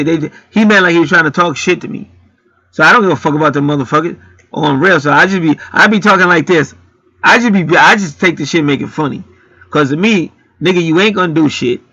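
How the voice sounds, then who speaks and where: A man's voice: fairly high pitch, bright, forceful tone, dry recording, lo-fi sound. Profane, blunt man ranting. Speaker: channel host. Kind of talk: rambling storytelling monologue.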